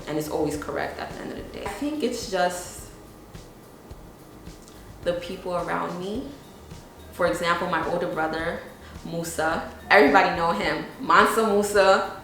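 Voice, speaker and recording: A woman's voice: lowish voice, a bit bright, far from the mic. Young woman, echoey documentary interview. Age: young adult. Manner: casual and earnest, with frequent "you know what I'm saying". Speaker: entrepreneur interviewee. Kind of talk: documentary interview, candid talk. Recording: very echoey room, faint background noise.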